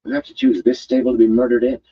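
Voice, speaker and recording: A man's voice: mid-range voice, very animated, quick pace, vocal fry, dark tone, husky, muffled recording, voice pushed up, full character voice. A man voicing a rash young man who blurts out frantic exclamations.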